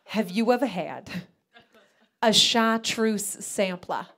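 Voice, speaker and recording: A woman's voice: on the high side, moderate pace, lightly acted. A woman comedian putting on the voice of her older mother, who confidently mixes up words in a stand-up routine. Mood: confidently confused. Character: the comedian's older mother, cheerfully muddled and proud.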